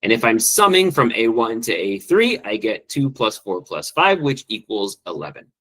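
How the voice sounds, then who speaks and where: A man's voice: fairly low pitch, very animated, fairly bright tone, low-quality recording. Enthusiastic man teaching a tech workshop. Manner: quick, enthusiastic, with frequent ums and restarts. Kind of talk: online training presentation.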